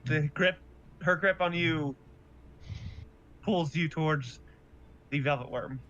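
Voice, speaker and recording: A man running a tabletop game, narrating slowly and deliberately. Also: on the high side, fairly bright tone, dull audio, a little hiss or hum.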